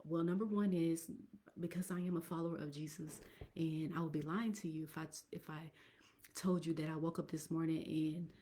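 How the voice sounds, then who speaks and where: A woman's voice: low voice, fairly even intonation, normal speed, warm tone. A woman hosting a casual business live stream, talking straight to viewers in a chatty way and sometimes dropping to a whisper. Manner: chatty, addresses viewers directly, drops into whispers.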